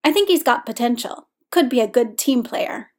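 A woman's voice: a little high, lively intonation, normal speed, lightly acted. Woman doing a plain-spoken hockey coach. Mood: matter-of-fact. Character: gruff adult male ice hockey coach.

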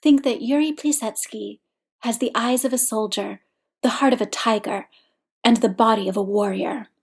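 A woman's voice: a little high, moderate pace, husky. Woman reading a smoldering, earnest young man.

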